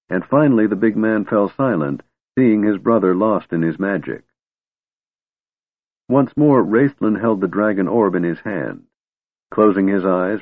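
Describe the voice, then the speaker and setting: Male audiobook narrator, husky, phone-thin sound. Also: lowish voice, no room sound. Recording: tinny narrow-band recording.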